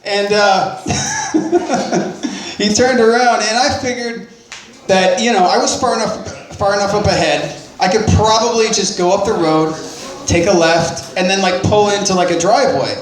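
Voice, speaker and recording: At a normal speed, a man with a notably high voice tells a rambling, profane personal story. He laughs at his own mistakes and often restarts his sentences. The audio sounds roomy and echoey.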